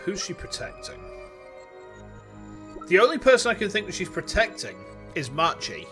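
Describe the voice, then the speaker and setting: A young British man streaming a game, animated and joking, swearing and stammering as he comments. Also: high-pitched, normal speed, over music.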